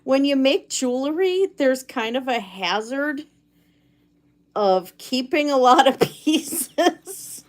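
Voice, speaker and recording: This is a woman hosting a relaxed live stream as she works on jewelry. She talks at an unhurried, easygoing pace and keeps a chatty back-and-forth going with her viewers. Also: high-pitched. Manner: easygoing, chatty, reads viewer comments aloud. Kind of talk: casual live-stream chat while crafting. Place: home cabin.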